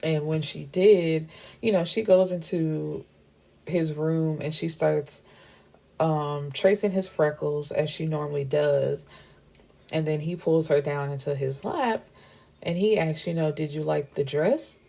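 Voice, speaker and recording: A woman's voice: deep voice, unhurried, vocal fry, mellow. A woman book reviewer casually recapping a novel's plot, chatty and gushing, with lines of dialogue retold in between.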